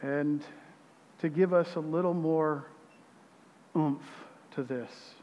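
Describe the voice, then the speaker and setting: A man preaching a sermon as pastor, reading scripture with emphasis, his voice swelling loud and then dropping quiet. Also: fairly high pitch, steady tone, slow, in a large hall, highs cut off.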